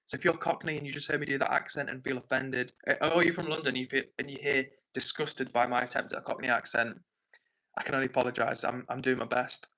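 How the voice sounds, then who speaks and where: A man's voice: medium pitch, steady tone, fast, sharp tone, rough recording. A man hosting a casual livestream, reading viewer comments aloud and chatting back in a rambling, apologetic way. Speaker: livestream host. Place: home in the north of England.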